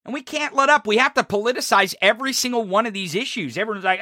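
A man's voice: high voice, fast talker, pushed and bright, dry recording, clean studio sound. A man hosting a political talk show, delivering a fiery, profane, combative rant. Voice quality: heavy swearing, fiery and combative.

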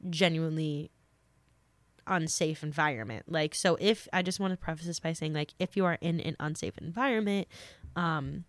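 Slightly under the weather, a young woman hosts a podcast and responds to listener questions in a chatty, earnest advice session full of fillers. Her pitch is low, her pace moderate, and the sound has no echo.

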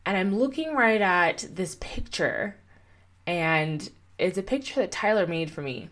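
A woman's voice: medium pitch, animated, moderate pace. A young woman hosting a solo motivational podcast, speaking earnestly and encouragingly and putting repeated questions to her listener. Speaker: podcast host and coach.

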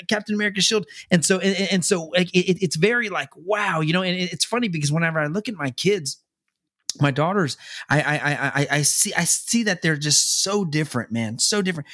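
A young man chatting casually as a podcast co-host, rambling with many restarts and repeated words, and turning animated when he quotes others. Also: brisk. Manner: animated, jumps higher when quoting others. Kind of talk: casual chat.

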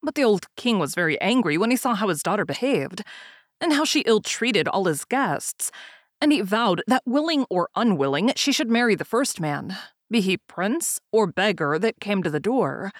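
A woman narrating a fairy tale aloud in a calm, even storytelling manner. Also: medium pitch, normal speed, no echo, studio quality.

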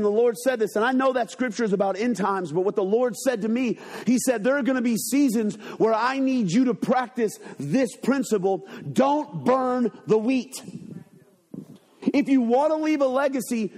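A male pastor preaches to his church with a raised, high-set voice that has a husky grain. He swings between loud, urgent passages and hushed, quieter stretches, calling out to the congregation as he goes. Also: a little fast, hardly any pauses. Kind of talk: sermon. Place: church sanctuary.

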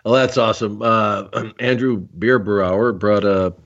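A man's voice: lowish voice, unhurried, a bit bright. A man hosting a podcast, wrapping up an interview in a hesitant way with many fillers. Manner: hesitant, lots of uh. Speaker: podcast host. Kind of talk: casual interview. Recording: muffled lo-fi audio.

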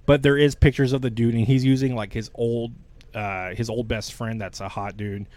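A man's voice: medium pitch, fairly even intonation, normal speed, a little mellow, no echo. Man chatting in a dry room. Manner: chatty, explains movie plots. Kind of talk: casual chat.

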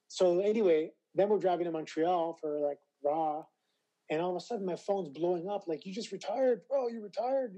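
A Canadian man in his forties, a retired wrestler, telling animated stories as an interview guest. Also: on the high side, rough recording. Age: 40s. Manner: animated storyteller, acts out quoted voices. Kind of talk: casual interview.

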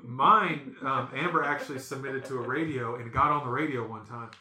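A man, hosting a casual podcast and telling stories, acting out quotes with animated voices. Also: mid-range voice, normal speed, roomy sound. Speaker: podcast host. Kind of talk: casual storytelling chat.

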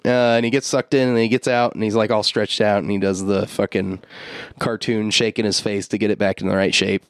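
A man's voice: on the low side, level tone, brisk, smooth, no room sound, clean studio sound. A man co-hosting a podcast, retelling a film's plot in a loose, profane, joking way and slipping into quoted lines. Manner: loose, profane storytelling that jumps into quoted voices. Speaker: podcast co-host. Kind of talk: casual movie recap chat.

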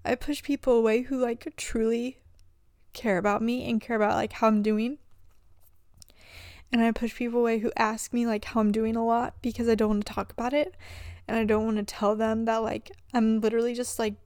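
Speaking fairly quickly with little pitch movement, a young adult woman with a voice on the high side and a little mellow opens up about personal struggles. This vlogger rambles confessionally, leaning on "like" and restarts, in dry, studio-quality sound.

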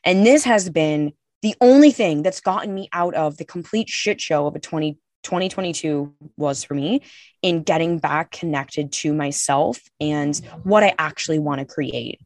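A woman's voice: sits low, normal speed, a little mellow, dry recording, studio quality. A young woman co-hosting a podcast, talking in a candid, emphatic way and swearing freely. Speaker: podcast co-host. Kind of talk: casual podcast chat.

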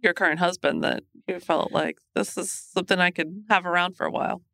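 Bright, gravelly woman podcast host. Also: fairly low pitch, brisk, no echo, clean studio sound. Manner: calm, probing, laughs along. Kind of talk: interview questions.

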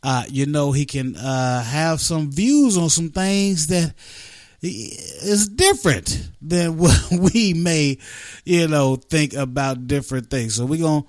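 A man's voice: on the high side, animated, slow pace, darkish tone, dry recording, clean studio sound. A man hosting a radio show, talking in a loose, rambling, chatty way with everyday slang. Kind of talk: casual radio chat.

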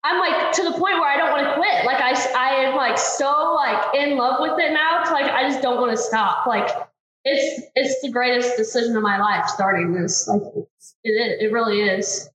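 A woman's voice: high-pitched, normal speed, a bit bright. A young adult woman racer answering interview questions in a chatty way, full of "like" fillers. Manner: chatty, filler-heavy with constant "like". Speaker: ATV racer. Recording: very echoey, dull lo-fi sound.

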